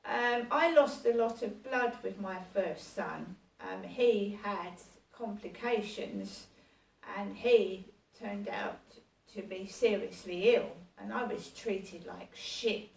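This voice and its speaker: A woman venting about how she has been mistreated, repeating herself with a steady grievance. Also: mid-range voice, takes it slowly, gravelly, a little hiss or hum. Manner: aggrieved, repetitive, venting. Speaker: vlogger. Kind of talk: personal monologue. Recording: echoey room, far from mic.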